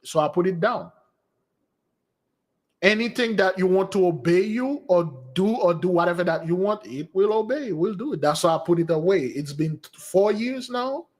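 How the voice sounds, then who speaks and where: On a casual spiritual stream, a man with a fairly high voice tells meandering stories and takes viewer questions at a normal speed, often restarting his sentences. When he quotes women, he pushes his voice even higher to play them.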